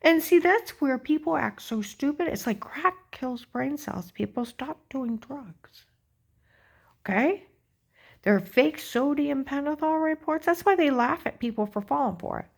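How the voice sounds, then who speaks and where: A woman's voice: sits high, expressive, a little slow, vocal fry. A woman talking in a rambling, agitated personal monologue, full of fillers and repeated check-ins. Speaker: vlogger.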